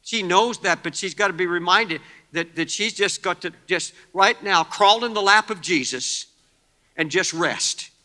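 High bright-voiced preacher guy, fired up, big hall reverb on him. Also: a little slow. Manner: impassioned preaching, swings from hushed to shouting. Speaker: pastor. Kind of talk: sermon.

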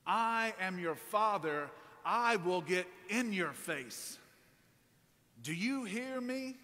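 A man's voice: high voice, animated, slow pace, voice pushed up, exaggerated voice. A man voicing a stern middle-aged father scolding his teenage son in short, commanding phrases. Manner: sharp, clipped and commanding. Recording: long church reverb.

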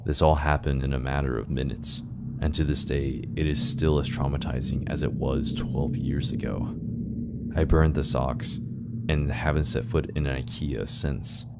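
A man narrating a scary first-person story in a steady, scripted delivery. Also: extremely low pitch, normal speed, gravelly, very noisy. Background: background music.

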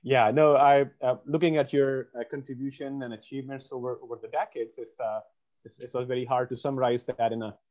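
A man's voice: medium pitch, little pitch movement, fairly quick, darkish tone, lo-fi sound. A man hosting an interview over a video call, polite and hesitant, with many fillers. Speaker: program host.

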